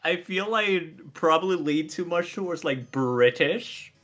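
A man's voice: sits high, steady tone, moderate pace, a bit bright, soft background music. A man with a faint Swedish accent, Swedish being his first language, chatting animatedly and laughing on a game stream. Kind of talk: casual game stream chat.

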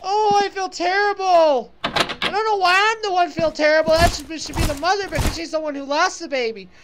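A woman's voice: extremely high pitch, fairly quick, noisy background. A woman playing a horror game and commenting as she goes, reacting with fright and sympathy. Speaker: let's play gamer.

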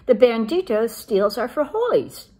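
A woman plays the smallest dog of a storybook chihuahua gang. His voice is high and excitable, bouncing up and down as he chatters. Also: a little slow. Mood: excited.

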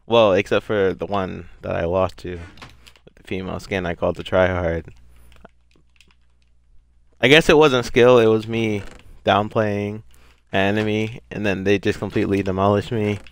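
A man's voice: lowish voice, clean tone. A young man giving casual, rambling gameplay commentary, self-deprecating and given to sudden frustrated outbursts. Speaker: gaming YouTuber.

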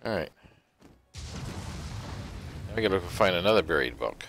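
A man's voice: sits low, big pitch swings, moderate pace, gravelly, fairly bright tone, soft background music. A man chatting easily with his partner while they play an online game at home, musing aloud and humming. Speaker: gamer co-playing online game. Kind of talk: casual gameplay chat.

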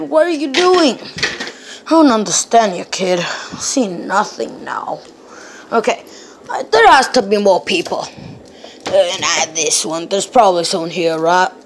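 A woman narrating an improvised hide-and-seek game with toy cars, switching between excited squeals and low mumbled asides. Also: a little hiss or hum. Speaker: storyteller voicing toy cars.

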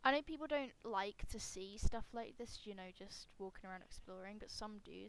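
A young woman with a slightly hoarse voice talking casually over her gameplay at home, rambling and self-mocking, with sudden loud squeals. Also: fairly high pitch. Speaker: gaming YouTuber.

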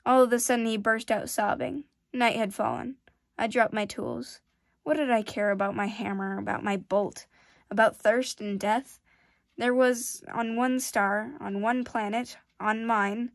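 A woman with a fairly high voice reads a storybook aloud in a gentle, measured way. Her delivery is calm and steady, and the recording is dry and close, with no room echo. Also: vocal fry. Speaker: storybook reader. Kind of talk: reading a classic children's novel aloud.

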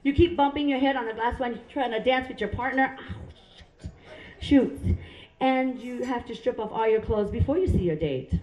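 High-voiced woman from Hawaii doing stand-up. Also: a little fast, hardly any pauses, a little mellow, muffled recording. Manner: punchy, self-mocking, chatty with the crowd. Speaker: stand-up comedian. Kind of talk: stand-up comedy. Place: comedy club stage. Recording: roomy club sound.

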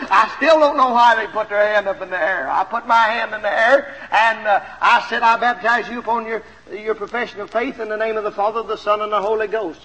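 A man's voice: high-pitched, pushed and bright, big-room sound, rough recording. A man preaching a sermon, telling a story with lots of animation and then urging his listeners on, in a 1970s LP recording made in a church auditorium with a pulpit mic.

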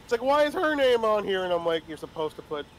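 Animated young man rambling a story. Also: high-pitched, fast, slight background noise. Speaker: player telling a story. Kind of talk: casual chat among friends.

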